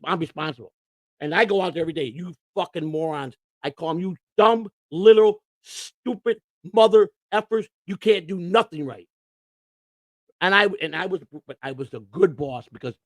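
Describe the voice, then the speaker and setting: A man's voice: fairly high pitch, gravelly, fairly bright tone, no echo. An older man hosting, telling rambling, profane anecdotes with quoted voices. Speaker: host. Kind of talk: casual storytelling.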